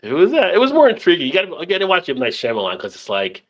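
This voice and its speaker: A man's voice: sits high, huge pitch swings, very fast, a bit bright. A man hosting a casual live stream chat over beers, rambling and easygoing, laughing often.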